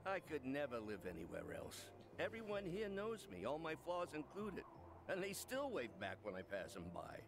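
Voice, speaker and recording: A man voicing a gravelly, earnest townsman. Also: a little high, huge pitch swings, normal speed, noisy background, heavily acted. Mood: content.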